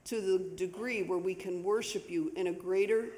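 A woman leading a spoken prayer in church, steady and earnest. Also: medium pitch, normal speed. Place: church sanctuary. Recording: echoey church hall with faint noise.

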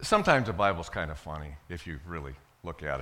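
Animated, bright-voiced male preacher. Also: sits low, a little fast. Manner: animated, swings from loud to hushed, dramatic retelling. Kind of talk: sermon.

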